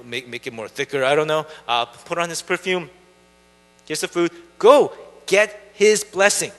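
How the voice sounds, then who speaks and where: A man doing a brisk, scheming mother. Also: a little high, lively intonation, a bit bright, long reverb tail. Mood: commanding. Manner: brisk, bossy instructions.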